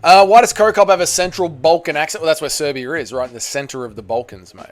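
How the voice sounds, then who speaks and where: Faint music plays behind a man whose slightly high voice moves quickly as he runs a casual fight watchalong stream. He swears without restraint, reads chat messages aloud, and erupts into shouts at the key moments, keeping the commentary loose and profane.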